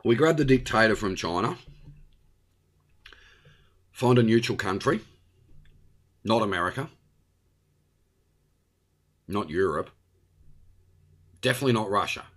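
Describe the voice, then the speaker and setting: A man's voice: on the low side, expressive, a little slow, long pauses. Blunt Australian man ranting. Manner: blunt and ranting, with frequent tag questions. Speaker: host. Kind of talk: opinionated monologue.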